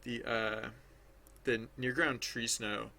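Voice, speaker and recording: A man's voice: mid-range voice, level tone, slow pace, creaky, sharp tone, slight background noise. A man thinking aloud as he draws on a livestream, rambling and hesitant, full of restarts, chatting with viewers. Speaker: livestreaming digital artist.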